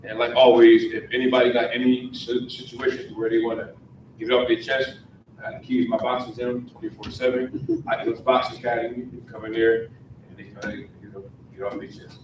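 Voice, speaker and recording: A man's voice: medium pitch, level tone, brisk, distant mic. A man doing community outreach, speaking in casual street slang, loose and heartfelt. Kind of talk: public forum talk. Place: community meeting room. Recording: very echoey room recorded from afar, noisy.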